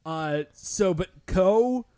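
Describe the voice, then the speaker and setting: Animated, high-voiced male podcast co-host. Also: extremely slow, smooth, no echo, clean studio sound. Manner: excitable, filler-heavy with lots of "like". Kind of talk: casual recap chat.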